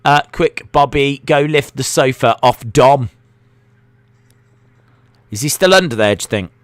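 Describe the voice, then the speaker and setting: A man's voice: medium pitch, expressive, unhurried, no room sound. A man hosting a live wrestling watch-along, chatty and jokey, reacting aloud as he goes. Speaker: live stream host.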